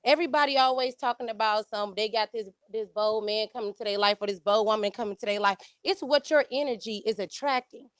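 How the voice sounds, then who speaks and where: A woman from Detroit with a high voice talks in a loose, casual way on a discussion panel. She stresses her points and keeps checking in with her listeners. The sound is dry and close. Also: brisk, hardly any pauses, no echo. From Detroit, USA. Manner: casual and emphatic, keeps saying "you know what I'm saying".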